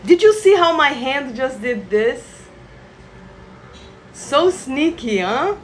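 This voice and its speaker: Slow, soothing woman guiding a healing session. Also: high voice, a little hiss or hum. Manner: slow, soothing guiding voice with bursts of excited laughter. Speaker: reiki practitioner. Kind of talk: live guided energy-healing session. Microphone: phone livestream.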